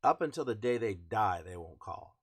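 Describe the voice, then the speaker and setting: A man's voice: fairly low pitch, expressive, moderate pace, vocal fry, husky. A man co-hosting a casual podcast, telling stories in a blunt, wry way. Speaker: podcast co-host. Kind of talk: casual chat.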